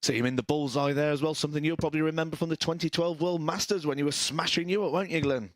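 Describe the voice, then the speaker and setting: A man commentating on darts with quick, wry quips. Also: fairly high pitch, fairly even intonation, dry recording, studio quality. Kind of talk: sports commentary banter.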